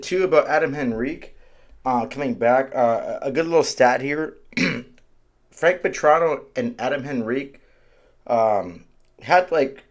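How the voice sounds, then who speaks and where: Man excitedly chatting about sports stats. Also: mid-range voice. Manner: enthusiastic about stats, repeats himself. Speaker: podcast co-host. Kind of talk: casual sports talk.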